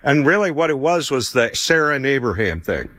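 A man's voice: medium pitch, big pitch swings, a little fast, a bit bright, dry recording. A man in his fifties telling a personal faith testimony, conversational and chuckling as he acts out what people said.

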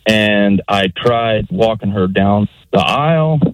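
Middle-aged dad calling in, talks real slow and sincere, dry sound. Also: male voice, on the low side, animated, dry recording, rough recording. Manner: slow, earnest, heartfelt. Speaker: caller. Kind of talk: call-in radio advice. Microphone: phone call.

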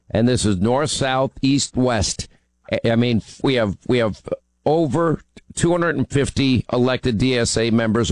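A man's voice: mid-range voice, darkish tone, dry recording. A man hosting a call-in talk radio show, teasing his callers and then pressing his points with urgency.

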